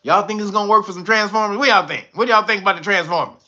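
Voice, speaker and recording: A man's voice: high voice, animated, racing, few pauses, bright, forceful tone. A man hosting a casual commentary show, laughing often and riffing loosely while cursing freely. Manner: laughs often, riffs and restarts, curses freely. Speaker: host. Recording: dull lo-fi sound.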